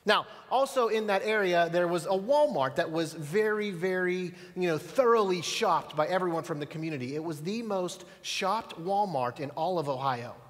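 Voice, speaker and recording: High-voiced pastor in a reverberant hall. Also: male voice, animated, moderate pace, hardly any pauses. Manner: storytelling, conversational, asks the audience. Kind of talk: sermon. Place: church auditorium.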